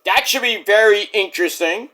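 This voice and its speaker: A man's voice: high voice, normal speed, pushed and bright. A man casually reviewing a wrestling show in a rambling, jokey, profane way.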